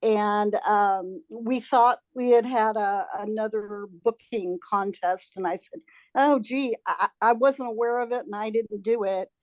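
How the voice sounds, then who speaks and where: Slow-speaking, heartfelt woman. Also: mid-range voice, a little mellow, no echo. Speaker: group member. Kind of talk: casual sharing.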